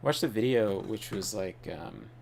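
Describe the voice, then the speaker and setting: A man's voice: on the low side, a little slow, gravelly, darkish tone, a little hiss or hum. A man hosting a gaming channel, telling rambling, offhand stories while he plays. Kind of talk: casual gaming commentary.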